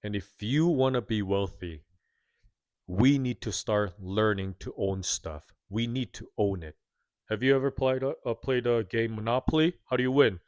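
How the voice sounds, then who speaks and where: A man's voice: on the low side, moderate pace, no echo. A man in his thirties giving a candid, self-critical, earnest confessional monologue to his viewers. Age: 30s. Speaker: vlogger.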